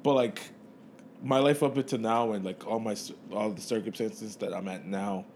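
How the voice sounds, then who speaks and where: A man's voice: lowish voice, steady tone, normal speed, a little mellow, slight background noise. A man co-hosting a podcast, talking casually and hesitantly, with many restarts. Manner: hesitant, full of likes and restarts. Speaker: podcast co-host. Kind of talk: casual chat.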